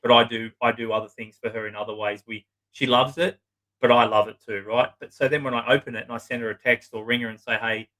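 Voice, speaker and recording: A man speaks with a bright, forceful voice. He gives earnest advice in a plain conversational way. He is blunt and drops the odd swear word for emphasis. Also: medium pitch, steady tone, fast talker, rough recording. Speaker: psychotherapist guest. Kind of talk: casual advice talk.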